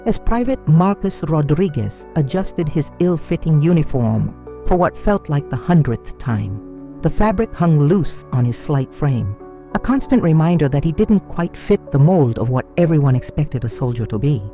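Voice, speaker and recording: A man reading a dramatic scripted story in a measured, storytelling manner, with soft music behind. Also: very animated. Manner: measured storytelling with wide pitch swings. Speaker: narrator.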